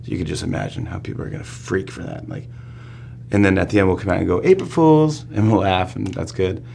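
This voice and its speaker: Fast-talking and low-voiced with vocal fry, a talk show host in his forties tells an excitable story as a guest in a studio interview. He laughs frequently and acts out the quotes, and there's slight background noise.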